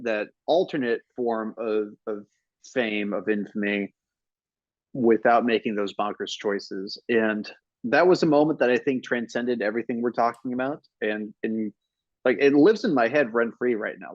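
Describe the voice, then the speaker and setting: A man hosts a podcast and chats playfully with his guests about a movie, tossing out lively questions. His mic has a dry, close sound with little room echo, and the recording is slightly dull and muffled. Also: mid-range voice, moderate pace. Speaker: podcast host. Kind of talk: casual film discussion.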